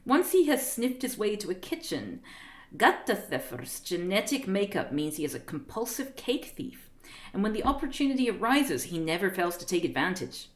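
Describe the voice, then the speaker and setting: A woman's voice: medium pitch, sing-song, moderate pace. A woman streamer reading a book aloud on a live stream, breaking off with giggling asides and stumbling over unfamiliar words.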